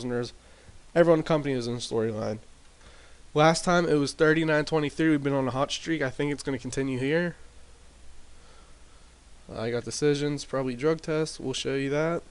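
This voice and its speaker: A man casually recapping his wrestling sim game in a rambling way, with lots of fillers and restarts, talking into a desk mic turned up loud. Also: medium pitch, fairly quick, clean tone. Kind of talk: casual commentary over gameplay. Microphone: desk mic with boosted gain.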